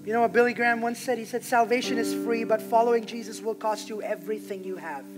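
A pastor preaching a sermon in a church, impassioned and emphatic, swinging between loud declarations and hushed lines. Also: male voice, high-pitched, steady tone, fast talker. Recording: music playing behind the preaching.

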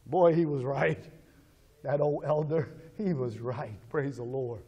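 A man with a high-pitched voice delivers a sermon as pastor. He leads the congregation in call-and-response lines and swings between quiet, murmured prayer and loud, urgent exhortation. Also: slow, vocal fry, pauses often.

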